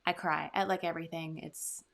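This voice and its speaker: A young woman co-hosting a casual vlog chat, soft-spoken and hesitant, with frequent ums. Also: low-pitched, steady tone, a little fast, creaky. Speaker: YouTube channel co-host.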